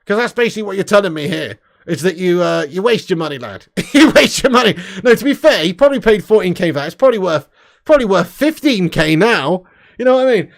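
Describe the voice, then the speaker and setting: A young man hosting a casual livestream, reading super chats, loud and sweary with lots of banter. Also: high voice, animated, quick pace. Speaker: livestream host.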